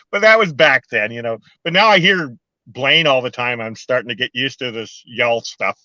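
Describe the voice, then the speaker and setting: An older man from Canada chats casually and keeps breaking into giggles. His voice is bright and forceful. The sound is dry and a little dull. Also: mid-range voice, normal speed, dry recording. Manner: giggly, laughs often. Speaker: co-host. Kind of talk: casual chat.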